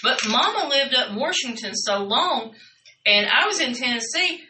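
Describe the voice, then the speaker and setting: A woman's voice: high-pitched, lively intonation, moderate pace, noisy background. Older Southern woman telling stories in an echoey room. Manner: chatty, laughs through stories. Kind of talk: casual storytelling. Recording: roomy, from a distance.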